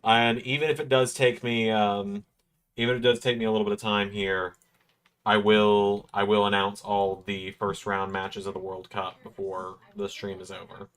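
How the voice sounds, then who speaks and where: A man's voice: lowish voice, flat delivery, moderate pace, a bit bright. A man hosting a wrestling watch-along livestream, chatting casually and explaining at length.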